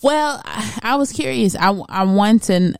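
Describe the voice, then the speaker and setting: A woman in her thirties chatting and joking casually, quick to laugh. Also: on the high side, lively intonation, vocal fry, smooth, dry recording, clean studio sound. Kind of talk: casual chat.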